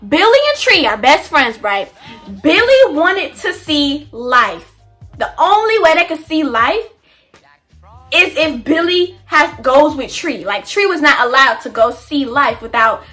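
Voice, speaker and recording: A young woman vlogger telling a story in a chatty, animated way, full of slang and fillers. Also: sits high. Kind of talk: casual storytime.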